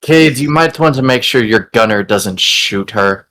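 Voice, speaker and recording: A man's voice: mid-range voice, lively intonation, a little slow, bright, forceful tone. A man playing a tabletop game who laughs often and swears casually. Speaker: player.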